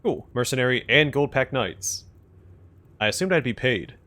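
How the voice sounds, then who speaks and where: A man reading a game's narration and his own choices aloud for a let's play. His mid-pitched voice is lively, moving up and down, with a plain, relaxed delivery. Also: moderate pace. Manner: plain, relaxed reading, declines doing accents.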